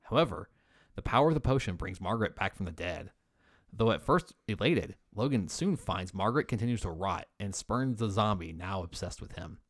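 A man with a lowish, expressive voice talks fairly quickly, co-hosting a horror podcast in a laid-back way, swearing now and then and reading out the episode credits. The recording is dry and studio quality.

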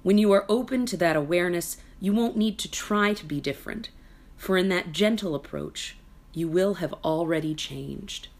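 Soft-spoken woman reading a self-help book. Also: lowish voice, moderate pace. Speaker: podcast host reading from a book. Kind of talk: reading aloud with personal asides.

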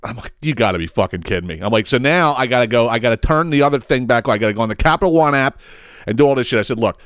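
Male podcast host telling a long story, swears constantly, restarts his sentences, smooth and clear voice, dry close sound. Casual and rambling. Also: medium pitch, rapid-fire, fairly bright tone, no echo. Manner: profane, rambling, self-interrupting, laughs at own story.

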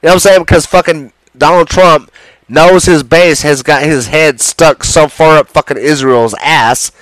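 A man's voice: on the high side, normal speed, a bit bright, no room sound. A man in a heated, profane, sarcastic political rant to the camera.

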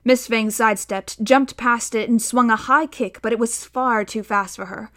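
Woman, audiobook narrator, steady storytelling, fairly high voice. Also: moderate pace.

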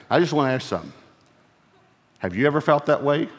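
A male pastor preaching a sermon in an animated way, acting out quoted lines in playful voices and often laughing as he talks. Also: on the high side, fast, pauses often, big-room sound.

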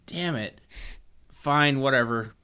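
A grumpy male winged creature, crude and sulky, voiced by a man. The tone is bright and a bit sharp, and the delivery stays offhand and casual. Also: mid-range voice, slow pace, clear, resonant tone.

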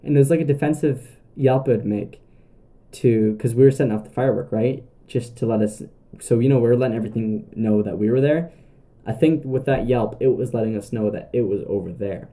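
A young Canadian man hosts a podcast, telling camping stories in a casual, loose monologue full of filler words and restarts. His voice is medium-pitched, brisk, and mellow.

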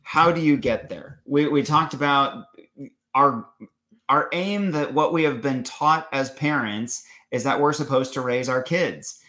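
A man's voice: medium pitch, unhurried, sharp tone. Guy talking parenting, earnest, kinda repeats himself, casual chat. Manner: earnest, explaining with repeated words. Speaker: co-host.

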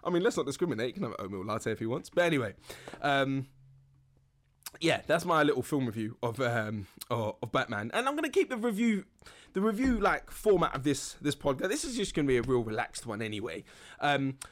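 A young man hosting a relaxed solo podcast, rambling with lots of fillers and laughing now and then. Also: medium pitch, a little fast. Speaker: podcast host.

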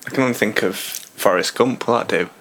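A man's voice: on the low side, fairly quick, fairly bright tone, slight background noise. A man co-hosting a comedic podcast, dropping dry quips. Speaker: podcast co-host. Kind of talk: casual comedic chat.

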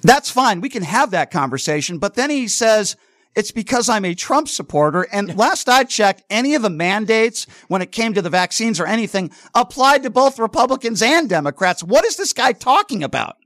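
Firm, combative radio talk host; man with a high voice, dry close mic. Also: big pitch swings, normal speed, a bit bright, no echo. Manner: interrupts often, firm and combative. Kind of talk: heated call-in radio debate.

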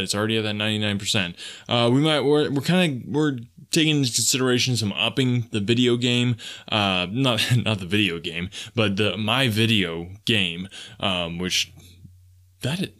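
A man's voice: fairly low pitch, fairly bright tone. A young man hosting a comedy podcast, talking in a boastful, self-important way, with a rambling parody self-help monologue. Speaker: podcast host.

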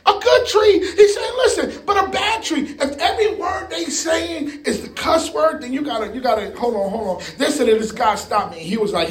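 A man preaching a sermon in a lively, animated way, laughing and shouting at times. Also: very high voice, normal speed, few pauses.

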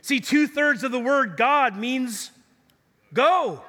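Energetic preacher guy, sharp bright tone, big echoey church hall. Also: very high voice, a little slow. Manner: energetic, jokey storytelling preacher. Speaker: pastor. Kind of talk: sermon. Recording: long church hall reverb.

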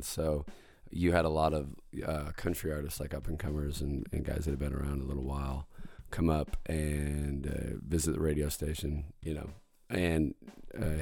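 A man's voice: rumbling low, vocal fry, darkish tone. A man hosting a podcast interview, chatting casually and teasing his guest with jokey asides. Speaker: podcast host.

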